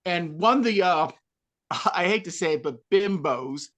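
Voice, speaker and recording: A woman co-hosting a podcast, telling stories in an animated, sarcastic way during a casual panel chat. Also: on the low side, measured pace. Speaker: podcast co-host.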